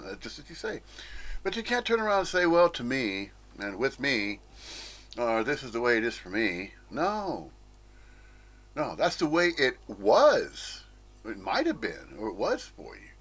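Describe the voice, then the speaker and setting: A man's voice: mid-range voice, fairly bright tone, breathy edge. A man giving a blunt, profane, emphatic monologue on spiritual teachings. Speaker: spiritual commentator. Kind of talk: ranting monologue.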